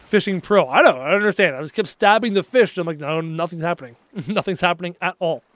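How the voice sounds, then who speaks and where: A man's voice: high-pitched, quick pace, a bit bright, no echo. A young man from Canada chatting casually while streaming a game live, reading his chat aloud and answering it.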